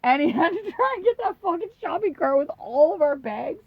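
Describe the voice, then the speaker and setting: A woman's voice: very high-pitched, very animated, fairly quick, no room sound. Woman podcast cohost, swears a lot, rambly storyteller, dull muffled sound. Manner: rambling, profane, laughs often, acts out quotes. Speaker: podcast co-host. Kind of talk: casual storytelling chat. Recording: dull lo-fi dry recording.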